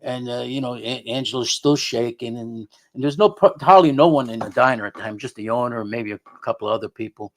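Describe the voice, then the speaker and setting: Here a middle-aged man, guesting as a paranormal investigator, tells a conversational story in rambling fashion, often restarting and repeating himself. His medium-pitched voice is brisk, with few pauses.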